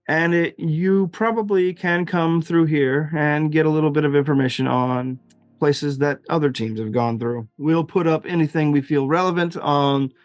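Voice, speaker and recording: A man voicing a brisk, businesslike male guild clerk handing out ledgers in a tabletop game. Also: on the high side, no echo, soft background music, lightly acted. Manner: businesslike, procedural.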